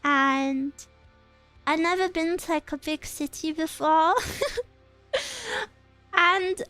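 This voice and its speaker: A woman's voice: high-pitched, slow, faint music behind. A young woman from England chatting casually as a streamer, rambling and giggling as she tells stories. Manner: giggly, rambling, animated storytelling. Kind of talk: casual chat reading viewer comments.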